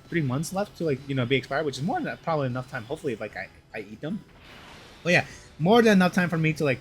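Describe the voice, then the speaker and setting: A man's voice: medium pitch, fairly bright tone. A young man chatting casually over gameplay, rambling and slangy with lots of "dude.". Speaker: gaming channel host.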